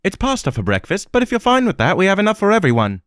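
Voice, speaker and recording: A man voices a cheerful young woman with an English accent in this audiobook, friendly and helpful, pitched well above his own voice. The recording is dry and close. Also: wildly swooping pitch, quick pace, fairly bright tone, clear, resonant tone, dry recording, heavily acted.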